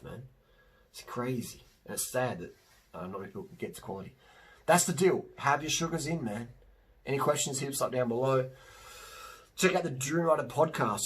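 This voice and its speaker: A man's voice: mid-range voice, fairly bright tone, slightly rough. A middle-aged man, a cyclist, talking casually and emphatically to camera in a rambling, slangy way. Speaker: vlogger and cyclist.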